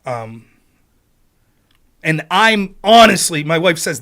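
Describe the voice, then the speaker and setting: Rapid-fire man with a raised voice. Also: on the high side, expressive, a bit bright. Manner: rapid-fire, profane, bursts into sped-up talk. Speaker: livestream host. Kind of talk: casual livestream commentary.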